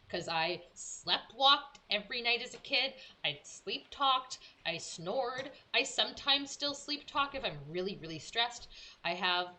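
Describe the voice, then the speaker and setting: A young woman streamer telling a story in casual chat, animated and acting out her own quotes. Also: fairly high pitch, a little slow.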